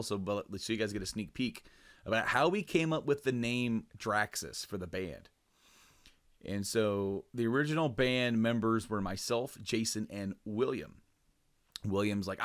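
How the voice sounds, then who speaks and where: A man's voice: on the low side, dry recording, studio quality. A man co-hosting a casual podcast, telling a rambling story with frequent laughs and restarts. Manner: rambling, laughs often, lots of fillers and restarts. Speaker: podcast co-host.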